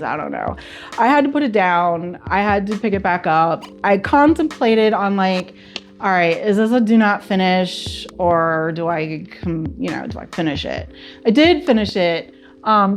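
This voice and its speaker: A woman giving a casual, candid spoken book review, chatty and prone to repeating herself. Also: mid-range voice.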